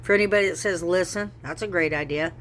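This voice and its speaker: A middle-aged woman with a slightly low voice talks into her camera at home in an earnest, rambling way, repeating herself as she works through her thoughts. A faint hiss sits under the recording. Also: fast talker, a bit bright. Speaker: vlogger. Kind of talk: casual talk to camera.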